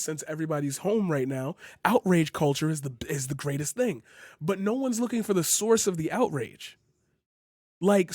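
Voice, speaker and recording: A man with a high voice delivers a heated political rant, swearing and hammering his points with repetition. The recording is dry and close, with no room sound around him. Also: a little mellow, dry recording. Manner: heated, profane, emphatic, repeats phrases. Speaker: channel host.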